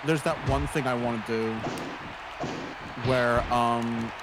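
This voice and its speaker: A man's voice: mid-range voice, steady tone, slow, noisy background. A man hosting a game stream, chatting in a jokey, rambling way. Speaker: streamer host. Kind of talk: casual gaming stream chat.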